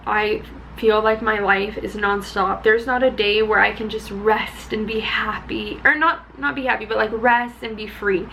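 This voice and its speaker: A young woman vlogging casually, chatty and excitable with high energy. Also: vocal fry, a little hiss or hum, poor audio. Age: young adult. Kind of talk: casual chat.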